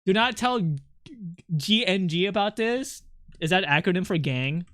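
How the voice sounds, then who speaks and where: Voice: medium pitch, animated, moderate pace, fairly bright tone, no room sound. A streamer who chats with viewers while drawing, rambling and joking, swearing a lot and laughing often. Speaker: art streamer chatting with viewers. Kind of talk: casual live-stream chat.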